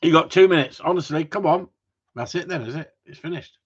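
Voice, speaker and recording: A man's voice: fairly high pitch, fairly quick, breathy edge. Male dog trainer, live-stream host; rambling, sweary rants over muffled stream audio. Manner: chatty, ranting, swears casually. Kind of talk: casual live-stream chat reading viewer comments.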